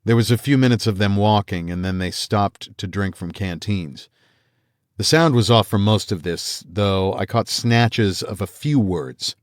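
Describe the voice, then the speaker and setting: A man reading a first-person fantasy audiobook aloud in a measured storytelling manner, voicing the characters he quotes. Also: on the low side, no room sound, studio quality. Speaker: audiobook narrator.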